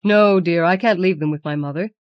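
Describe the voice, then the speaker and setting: A woman's voice: fairly low pitch, fairly quick, dry recording, lo-fi sound, natural voice. A woman reading the lines of a weary, evasive middle-aged husband in an audiobook, hesitant and pleading. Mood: reluctant.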